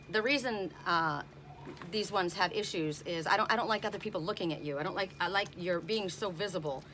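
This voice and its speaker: A woman's voice: medium pitch, pushed and bright, slight background noise. A middle-aged woman doing an oracle card reading outdoors, blunt and indignant in her asides. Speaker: tarot and oracle card reader.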